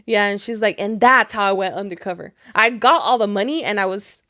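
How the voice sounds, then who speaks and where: A woman co-hosting a casual podcast at a middling pitch. She retells a story in a loose, rambling way, full of fillers, restarts and swearing. Her voice sounds dry and close. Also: a little fast, sharp tone, dry recording. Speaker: podcast co-host. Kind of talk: casual chat.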